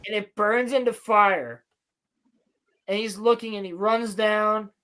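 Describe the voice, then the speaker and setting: A woman's voice: medium pitch, slow, a bit bright. A woman co-hosting a podcast, animatedly and profanely retelling a TV episode in casual chat. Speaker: podcast co-host.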